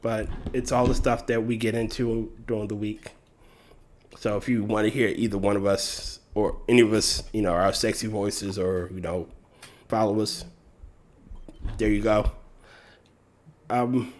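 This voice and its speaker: A man's voice: on the low side, fairly even intonation, a little slow, pauses often, a little mellow. A man hosting a casual group chat show, rambling with plenty of fillers and restarts. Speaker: podcast host.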